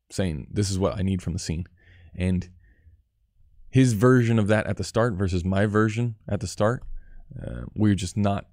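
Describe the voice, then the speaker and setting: A man in his thirties talks casually and bluntly about his film work, swearing freely and picking apart his own choices. His voice sits low and mellow. The sound is dry and close, with no room around it. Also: dry recording. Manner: candid, profane, self-critical; answers viewer chat questions. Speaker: cinematographer hosting a live stream. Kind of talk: casual live-stream talk.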